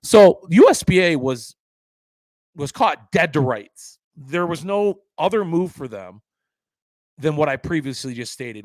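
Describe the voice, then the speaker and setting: A man's voice: medium pitch, no echo, rough recording. Indignant man ranting on a podcast. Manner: indignant, sarcastic, swears freely, swings between loud outbursts and mutters. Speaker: podcast host. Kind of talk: opinionated solo podcast rant.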